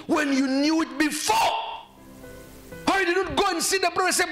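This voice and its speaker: A male pastor preaching in a church with a high, lively voice that leaps around as he makes his points. He quizzes the congregation with questions and acts out the people he quotes, keeping the delivery emphatic. Faint music hums in the background. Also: fairly quick. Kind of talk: sermon.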